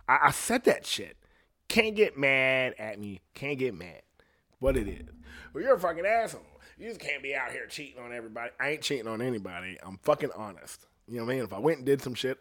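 A man's voice: medium pitch, fairly bright tone. A man hosting a podcast, ranting in a rambling, profane casual monologue, a little jittery from coffee. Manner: profane, rambling, quotes others in voices. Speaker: podcast host.

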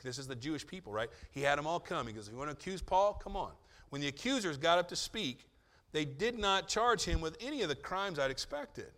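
Male pastor, slightly high, bright tone, chatty sermon with jokes, long hall reverb. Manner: conversational, joking asides, acts out quotes.

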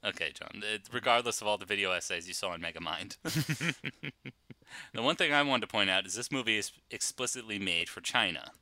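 A man's voice: fairly low pitch, brisk, pushed and bright, dry recording. A man co-hosting a podcast in casual chat, teasing his partner with dry sarcasm. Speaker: podcast co-host.

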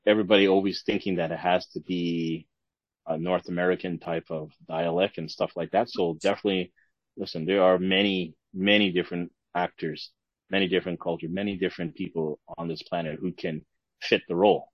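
A man's voice: sits low, a little fast, dry recording. A man co-hosting a podcast in casual chat, agreeable and often repeating his words. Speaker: podcast co-host. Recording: dull lo-fi sound.

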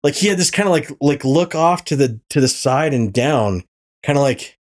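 A man hosting a podcast, chatting casually, swearing often and telling animated stories. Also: fairly high pitch, normal speed. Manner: animated storytelling, swearing and laughing. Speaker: podcast host. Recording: poor audio from a faulty mic.

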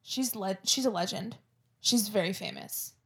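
A woman's voice: medium pitch, wildly swooping pitch, normal speed, creaky. Chatty young woman with a Florida accent. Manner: chatty, jokey, peppered with "like" and "um". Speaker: podcast co-host. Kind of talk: casual chat. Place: home podcast setup.

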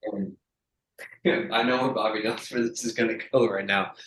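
Low-voiced man telling a story, roomy echo. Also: moderate pace. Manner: animated, profane, acts out quotes. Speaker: strength coach. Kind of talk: casual storytelling chat.

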